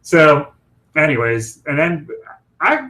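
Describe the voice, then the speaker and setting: A man's voice: a little high, sing-song, takes it slowly, bright, forceful tone, rough recording. A man co-hosting a casual chat show, talking in a rambling, chatty way. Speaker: co-host.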